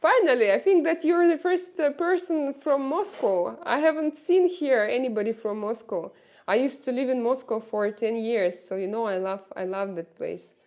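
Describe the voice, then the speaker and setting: A livestreamer, a woman whose native language is Russian, chats with a Russian accent, reading viewer comments aloud and speaking directly to them with lots of halting fillers. Her voice is a little high with a darkish tone.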